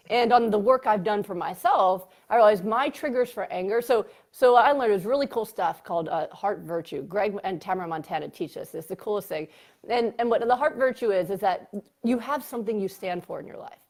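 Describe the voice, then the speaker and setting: A woman psychiatrist talks as a guest in a relaxed interview. Her voice sits in a middle pitch, and she tells her stories animatedly, full of fillers, swinging up into laughter. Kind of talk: casual interview storytelling.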